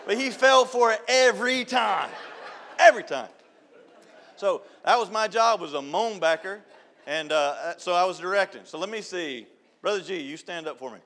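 A middle-aged church youth director preaches a folksy, joking sermon in a church sanctuary, his high, gravelly voice moving at a moderate pace with lively intonation. He tells stories and shouts and laughs at his punchlines.

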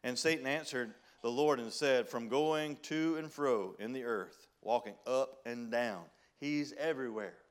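A man preaching a sermon as pastor, with a Southern country accent, reading scripture in old-style wording and swinging between loud emphasis and hushed pleading. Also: mid-range voice, unhurried, hardly any pauses. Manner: folksy preaching, reads King James scripture.

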